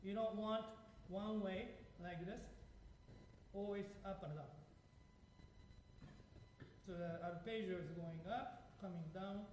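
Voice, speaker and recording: A man's voice: high-pitched, a little mellow, slight background noise. A man teaching a piano masterclass, explaining to his class with frequent questions while demonstrating at the piano. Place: echoey classroom. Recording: echoey room, distant mic. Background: piano playing.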